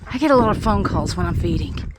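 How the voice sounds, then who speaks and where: A woman's voice: lowish voice, lively intonation, fast, background noise. A woman, out of breath, chatting casually as she feeds her animals outdoors on a snowy farm, filmed on a tripod camera. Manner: chatty, talks to animals, thinks aloud. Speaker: homesteader vlogger. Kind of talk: casual narration while doing farm chores.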